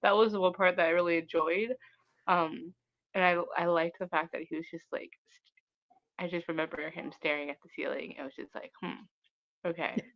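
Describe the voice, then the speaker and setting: Gravelly low woman, hesitant book chat. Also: steady tone, a little fast, dry recording, muffled recording. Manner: hesitant, restarts, soft chuckles. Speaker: book club co-host. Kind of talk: casual book discussion.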